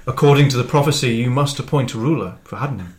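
A man's voice: medium pitch, fast, darkish tone. A man reading a story aloud in mock-dramatic tones, breaking off into jokes and laughter, over faint background noise. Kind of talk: comedic reading of a fan story with asides.

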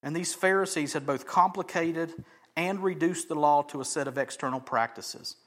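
A male pastor preaching a sermon, swinging from loud emphasis to hushed near-whispers and acting out the voices in his text. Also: a little high, moderate pace. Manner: acts out quoted voices of crowds and Jesus.

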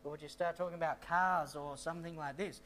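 This missionary's voice is a little high and a bit bright, with a steady tone and a quick pace. He rambles through his testimony story, saying things more than once and filling gaps with many fillers.

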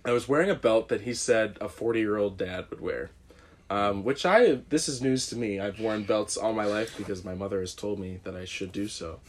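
A man's voice: on the low side, moderate pace. A young man casually telling a rambling, self-deprecating story on a podcast, often laughing. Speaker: guest.

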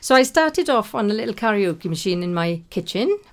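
A woman's voice: medium pitch, very animated, a little fast. A middle-aged woman, a singer being interviewed in a radio studio, chatting casually with lots of fillers and easy laughs.

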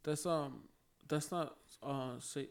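A man's voice: on the high side, slow. A man chatting casually, laughing often. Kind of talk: casual profane chat.

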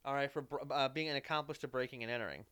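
Smooth-voiced man telling a profane story. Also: medium pitch, racing, pushed and bright, no room sound. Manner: profane, rambling storyteller with self-deprecating asides. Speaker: podcast host. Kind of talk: casual anecdotal storytelling.

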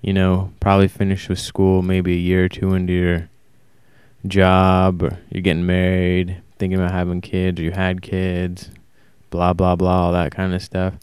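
A man talking alone in a casual, rambling monologue, flat and self-described as monotone, often stopping to correct himself. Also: low-pitched, normal speed, smooth, no echo, studio quality. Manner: casual, swears. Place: warm indoor room.

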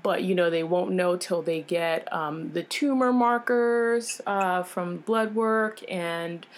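A woman with a somewhat low voice tells a personal story as an interview guest, speaking frankly and with feeling. She talks casually, with plenty of fillers and self-corrections, and her delivery turns animated as she recounts what happened. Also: slow pace. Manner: animated, acts out others' lines in changed voices; frank, emotional retelling with frequent fillers.

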